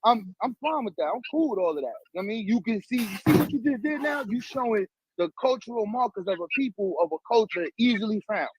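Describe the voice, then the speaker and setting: A man from the Bronx with a New York accent, co-hosting a casual conversation in an animated, streetwise, profane way. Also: very high voice, a little fast, hardly any pauses, husky, dry recording. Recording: dull lo-fi audio, dry.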